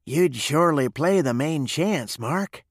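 A man voicing a tough, quick-tempered cowboy in a western story, speaking tartly. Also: fairly high pitch, sing-song, creaky, fairly bright tone, no echo, clean studio sound, heavily acted. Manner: tart, barking.

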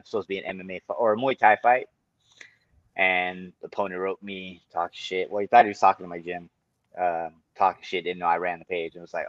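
A man on a podcast, a kickboxer and Muay Thai coach, telling stories in a lively, animated way and swearing often. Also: low-pitched, no room sound, muffled recording. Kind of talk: casual podcast chat.

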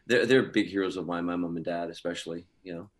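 In a relaxed interview, an actor guest meanders through anecdotes packed with filler words; his Scottish heritage comes from his parents. He speaks in a deep, steady voice at a quick pace.

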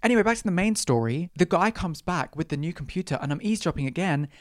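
A woman's voice: lowish voice, expressive, quick pace, no room sound, clean studio sound. A young woman hosting a solo podcast, ranting with exaggerated, sweary outrage. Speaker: podcast host. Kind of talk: solo comedic rant.

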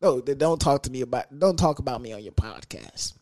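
A young man hosting a podcast, talking in a crude, animated, comedic monologue that keeps jumping into high sing-song bits. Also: fairly quick, no echo. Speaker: podcast host.

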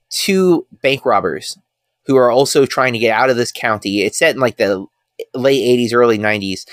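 A man's voice: mid-range voice, fairly bright tone, no echo, studio quality. A man co-hosting a podcast in casual chat, rambling with lots of fillers and enthusiastic about films. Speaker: podcast co-host.

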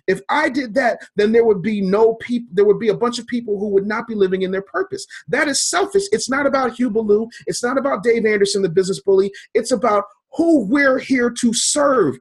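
A man's voice: very high-pitched, animated, a little fast, breathy edge. A man, a business coach, talking fervently in an interview, building points in preacher-like repeated phrases. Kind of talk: motivational interview talk.

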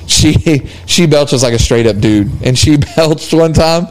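A young adult man co-hosts a casual podcast chat, telling animated stories and laughing often. His voice is on the high side and unhurried, and the recording is rough.

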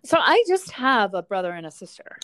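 A woman's voice: medium pitch, sing-song, fairly quick, fairly bright tone, no room sound. A woman co-hosting a podcast, chatting casually, swearing freely and laughing often. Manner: swears a lot, laughs often, blunt reactions. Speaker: podcast co-host. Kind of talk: casual chat.

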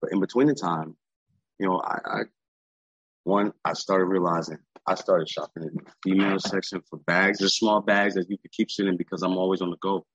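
Fast-talking husky man, low and profane. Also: level tone, fairly bright tone, dull audio. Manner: streetwise, profane, rambling with "you know what I'm saying". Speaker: guest. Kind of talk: candid casual interview talk.

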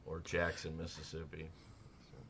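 A man co-hosting a podcast in casual comedic chat, riffing sardonically on absurd dark jokes and laughing often. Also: rumbling low, monotone, moderate pace, slightly rough. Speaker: podcast co-host.

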